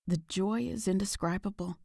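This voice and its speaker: A woman voicing a soft-spoken, teasing married woman. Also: medium pitch, moderate pace, gravelly, dry recording, clean studio sound. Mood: knowing. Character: warm, knowing married woman, gently teasing. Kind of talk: audiobook dialogue.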